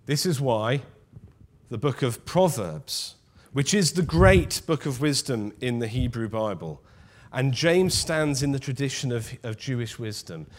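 A man preaching a sermon in a measured, emphatic way, dropping to a near-whisper on key words. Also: medium pitch, animated.

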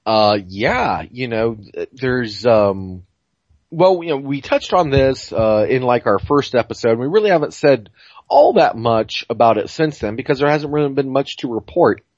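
A man's voice: mid-range voice, animated, moderate pace, no room sound. Rambling, cursing man on a dull, dry mic. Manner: rambling, profane, full of fillers and restarts. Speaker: podcast co-host. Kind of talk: casual gaming podcast chat.

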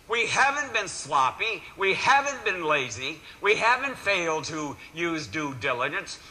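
A male pastor giving a lively sermon, acting out voices and swinging between loud and quiet. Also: high-pitched, rough recording.

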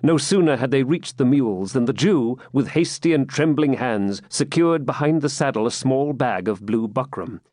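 A man narrates a classic novel in a measured, expressive reading. His pitch moves with lively range. The sound is dry and close, with no room echo. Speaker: audiobook reader.

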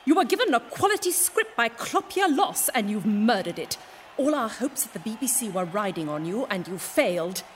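A woman playing a stern radio executive who scolds two performers, then yells for help catching them. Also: medium pitch, sing-song, moderate pace, long reverb tail, a little hiss or hum, close to an everyday voice. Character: bossy female radio executive turned bounty hunter. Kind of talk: radio comedy acting.

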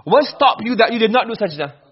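A man teaching Arabic grammar in a classroom, talking fast and fairly high for a man. His comes through, and he keeps firing questions at his students. The recording is muffled and lo-fi. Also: lively intonation, breathy edge. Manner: quizzing students with quick questions. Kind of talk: classroom lesson.

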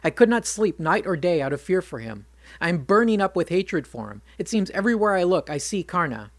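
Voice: mid-range voice, big pitch swings, fairly quick, no echo. A narrator reading a whining, ranting king. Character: bitter, self-pitying old male king.

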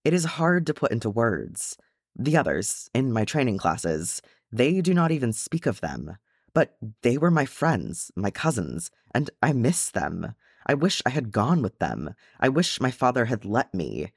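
A man voicing a brash, earnest young male dwarf in a storybook reading, speaking with raised, impassioned pitch. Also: very animated, a little slow, slightly rough, dry recording, studio quality, full character voice. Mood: anguished.

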